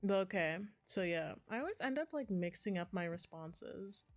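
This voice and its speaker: A woman's voice: fairly low pitch, animated, normal speed, soft background music. A woman streaming a game, reading the dialogue aloud between chatty asides. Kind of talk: casual gameplay commentary.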